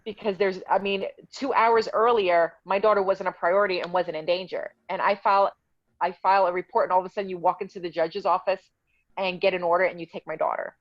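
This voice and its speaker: A woman tells her own story in a casual interview, her voice on the lower side and her tone indignant and heated. The sound is dull and lo-fi. It is very dry, with no room at all. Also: steady tone, a little fast, no echo. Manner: heated, indignant retelling with quoted dialogue. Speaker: guest telling her story.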